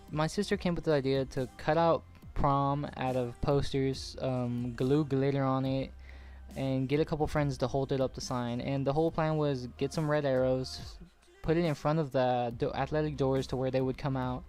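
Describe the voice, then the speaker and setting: A man's voice: medium pitch, fairly even intonation, moderate pace, darkish tone, clean tone, faint music behind. A young man in his late teens telling a personal story casually over gameplay, rambling and swearing with lots of "like". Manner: rambling, profane, full of "like". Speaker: gaming channel host.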